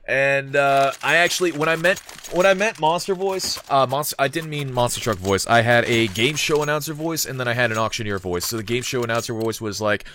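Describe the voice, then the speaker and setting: A man giving live play-by-play esports commentary, energetic, joking and off-the-cuff. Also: mid-range voice, fairly quick, slight background noise.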